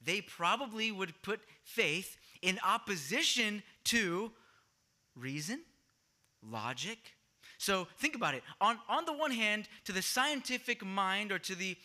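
Male pastor, sermon delivery, bright and high voice, questions the congregation, louder at key points. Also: expressive, a little slow. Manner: teaching, asks the congregation questions, swings louder for emphasis.

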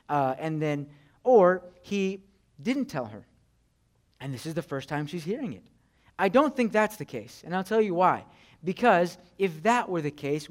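A young man preaching a conversational sermon, chatty, with frequent "right?" and "you know". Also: high-pitched. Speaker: pastor.

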